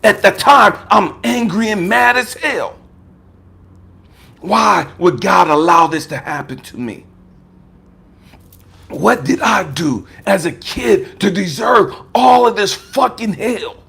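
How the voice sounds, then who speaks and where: Husky American life coach in his fifties, slightly high pitched, blunt and profane testimony delivery. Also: lively intonation, slow pace, bright, forceful tone. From United States. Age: 50s. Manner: emphatic and profane, swinging from raised outbursts to low murmurs. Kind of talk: personal testimony talk.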